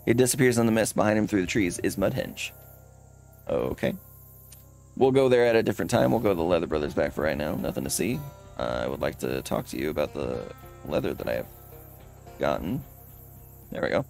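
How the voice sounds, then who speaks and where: A man's voice: sits low, sing-song, a little fast, vocal fry, long pauses, a little mellow. A man hosting a let's play, chatting casually with lots of uh and um over faint game music. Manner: chatty, fills with uh and um.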